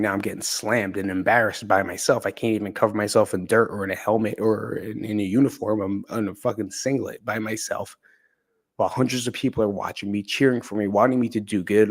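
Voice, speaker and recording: A man candidly telling a personal story in a conversational, profane way. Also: fairly low pitch. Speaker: podcast speaker.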